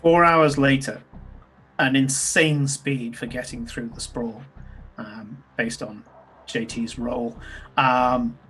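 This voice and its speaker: A man's voice: mid-range voice, fairly even intonation, takes it slowly, fairly bright tone, soft background music. A man narrating as game master in a tabletop game, talking loosely with fillers and restarts. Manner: loose, descriptive, many ums and restarts.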